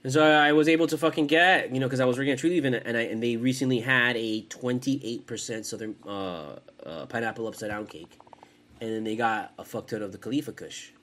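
A man's voice: mid-range voice, fairly even intonation, fairly quick, a bit bright. A young man hosting a casual podcast from his home, rambling and cursing, with many false starts. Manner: profane, rambling, frequent restarts. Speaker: podcast host.

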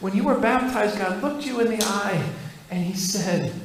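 A man's voice: high voice, normal speed, noisy background. A male pastor preaching a sermon in a church, with an earnest, repetitive preaching cadence. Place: church sanctuary. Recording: echoey church hall.

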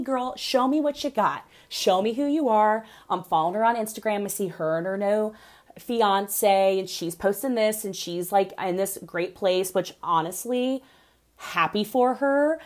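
A young woman chats through a reality TV recap in a loose, gossipy way. Her talk is animated and peppered with "like" as she dishes on every twist. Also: fairly low pitch. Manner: gossipy, animated, heavy use of "like".

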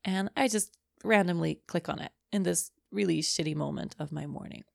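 A middle-aged woman talks straight into a close podcast mic, candid and swearing freely, still teary from crying. Her voice sits a little low and crackles with deep, constant fry. The sound is dry and intimate, with no room around her. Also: normal speed, dry recording. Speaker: podcast host. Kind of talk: emotional personal podcast monologue.

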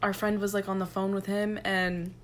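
A woman's voice: mid-range voice, level tone, moderate pace, slight background noise. Chatty laughing young woman. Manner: chatty, laughing, backs up the story with frequent mm-hmms. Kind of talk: casual storytelling chat.

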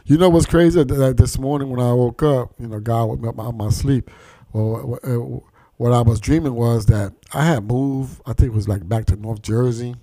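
A man's voice: medium pitch, a little fast, warm tone, dry recording. A man hosting a podcast who tells street stories in a casual, profane way and acts out the voices of the people he quotes. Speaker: podcast host. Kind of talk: casual conversation, storytelling.

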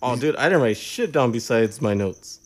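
Laid-back young male podcast host, teasing and laughing, very lively intonation. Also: mid-range voice, moderate pace, a little hiss or hum. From Southern California. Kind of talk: casual podcast banter. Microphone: handheld podcast mic.

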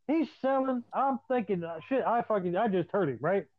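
A man's voice: high-pitched, lively intonation, normal speed. A man telling profane wrestling stories in casual chat, acting out the voices of the people in them. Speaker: podcast co-host, former wrestler. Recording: dry, tinny phone-like sound.

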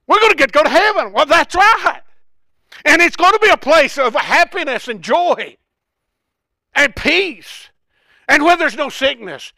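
An older man preaching a folksy, impassioned sermon that swells into shouts. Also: very high-pitched, sing-song, a little slow, no echo, studio quality.

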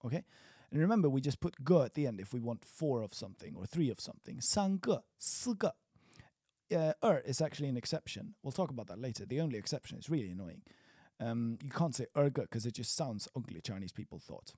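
A man teaching a casual language lesson, chatty, repeating words slowly for learners. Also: mid-range voice, lively intonation, mellow, breathy edge, no echo, studio quality.

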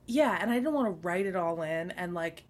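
A woman's voice: fairly low pitch, expressive. Giggly woman co-host, playful chat. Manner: giggly, playful, quick asides. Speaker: podcast co-host. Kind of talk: casual movie podcast chat.

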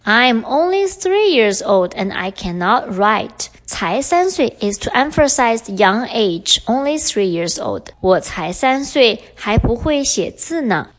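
A young woman hosting a podcast lesson, explaining clearly and switching between English and Mandarin. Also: a little high, very animated, slow, few pauses. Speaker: podcast host and Chinese teacher.

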